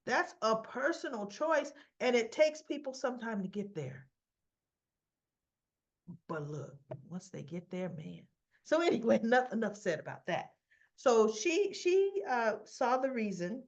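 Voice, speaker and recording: A woman with a mid-range voice hosts a casual soap opera recap, chatting and rambling through the episode while acting out the characters' lines. The recording sounds muffled.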